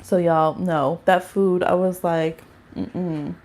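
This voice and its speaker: Young woman host, casual livestream, animated storyteller, talks to viewers straight into her phone. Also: fairly low pitch, slow. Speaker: tarot reader hosting a livestream.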